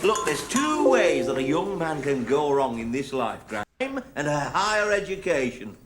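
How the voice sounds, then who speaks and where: An actor playing a stingy, stammering middle-aged shopkeeper, talking in a dry, sly way. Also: male voice, a little high, sing-song, unhurried. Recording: hissy old sitcom clip.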